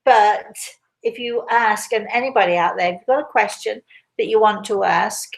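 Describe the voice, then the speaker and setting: An older woman speaks casually and chattily, circling back to repeat her phrases and restarting her sentences. She answers questions as a spiritual medium in a relaxed live session, with a voice of ordinary pitch. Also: normal speed, creaky, rough recording.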